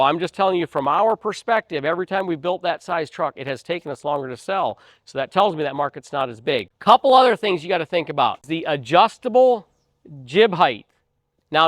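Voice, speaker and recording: A man's voice: sits high, a bit bright, dry recording, studio quality. A middle-aged man, a truck dealer, giving earnest, emphatic sales advice and folksy stories straight to camera.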